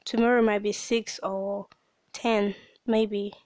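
A woman's voice: mid-range voice, level tone, slow pace, darkish tone, no room sound. A woman hosting a personal diary podcast, upset and worn out from crying, venting in broken, restarting sentences. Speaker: podcast host and small business owner.

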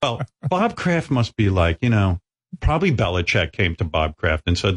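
A man's voice: sits low, very animated, normal speed. A middle-aged man hosting a radio show in a studio, telling rambling, profane, self-mocking stories in casual banter.

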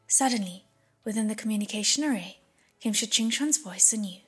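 A woman narrating an audiobook in a breathy, hushed reading voice. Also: mid-range voice, a little fast, faint music behind.

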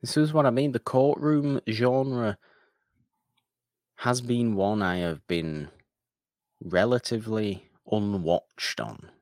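A man's voice: lowish voice, slow pace, pauses often, a little mellow, no echo, clean studio sound. A man co-hosting a podcast in casual chat, wordy and mock-formal, teasing his co-host.

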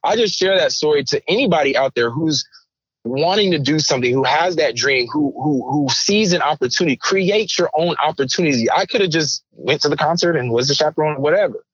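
A man's voice: a little high, lively intonation, a little fast, a bit bright, breathy edge, no room sound, dull audio. A man guest on a podcast, telling a story with energy and acting out the voices of the people in it. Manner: acts out other people's voices, repeats words. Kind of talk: animated storytelling.

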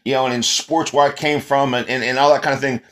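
A man hosting an interview, talking in a casual, halting way with many restarts and fillers. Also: mid-range voice, fairly even intonation, a bit bright. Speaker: host.

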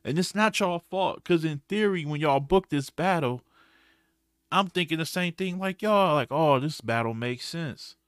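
A man's voice: high voice, normal speed, smooth, no echo, studio quality. Slangy blunt man recapping battles. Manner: animated, slangy and blunt, with frequent restarts. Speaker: podcast host. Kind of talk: casual recap commentary.

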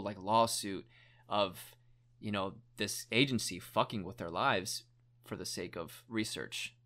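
A young man with a fairly low voice tells a story in loose, casual chat. He rambles, leans on "like" constantly and swears without thinking about it. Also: fairly bright tone. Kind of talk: casual chat, retelling a documentary.

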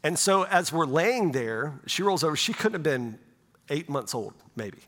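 A man's voice: on the high side, very animated, measured pace, fairly bright tone. A middle-aged male pastor preaching a sermon in a conversational way, often checking in with "right?". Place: church sanctuary. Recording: long church reverb.

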